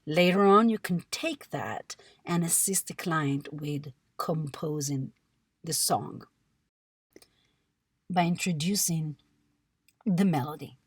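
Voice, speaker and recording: A woman with a somewhat low voice walks listeners through a technique in an instructional presentation. Her delivery is measured and explanatory, dotted with small fillers. The recording is dry and close, with no room sound. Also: breathy edge, dry recording. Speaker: music therapist.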